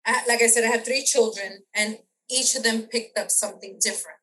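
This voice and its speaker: A middle-aged woman, a podcast guest, telling a personal story in casual interview chat. She is animated, acts out the voices of people she quotes and laughs often. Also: fairly high pitch, a little fast, a little hiss or hum, low-quality recording.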